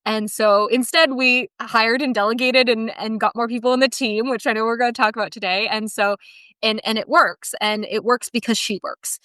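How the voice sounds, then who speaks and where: Smooth-voiced woman telling heartfelt stories. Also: a little high, fairly even intonation, moderate pace, bright, forceful tone, dry recording. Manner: heartfelt, rambling storytelling with restarts. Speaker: guest, team member of a dressage education business. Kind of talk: casual podcast interview storytelling.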